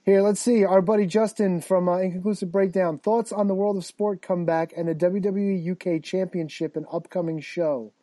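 High-pitched guy hosting a podcast, cursing a lot, mellow voice, dead dry sound. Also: brisk, few pauses, no room sound. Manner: profane, excitable, rambling. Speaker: podcast host. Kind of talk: casual chat.

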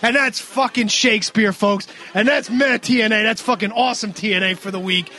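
A man with a very high voice tears through a recap, swearing constantly. He gets excited and loud as he acts out what people said. The talk is casual and fast-moving. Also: faint music behind. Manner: profane, excitable, acts out quotes loudly. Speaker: podcast co-host recapping wrestling. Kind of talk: casual chat.

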